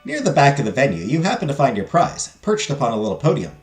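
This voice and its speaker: A man streaming a story game, reading its narration and chatting in an animated, rambling, self-deprecating way. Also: mid-range voice, quick pace, reverberant, faint music behind. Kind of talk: casual game commentary and narration.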